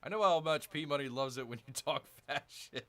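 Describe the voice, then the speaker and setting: A man streaming a game, chatting casually and excitably, often calling his viewers "people". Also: a little high, moderate pace. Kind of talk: casual livestream chat.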